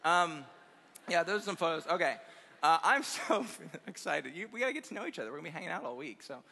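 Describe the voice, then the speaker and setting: A man's voice: on the high side, expressive, fast, gravelly, sharp tone. A man giving a conference sermon to college students, upbeat and effusive, chuckling through personal stories. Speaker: guest speaker at a college chapel conference. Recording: long reverb of a large hall.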